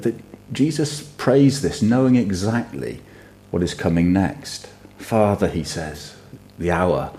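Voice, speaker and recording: A middle-aged man delivers a sermon with a low, deep voice and a warm, mellow tone. He preaches earnestly and steadily, leaning hard on key phrases.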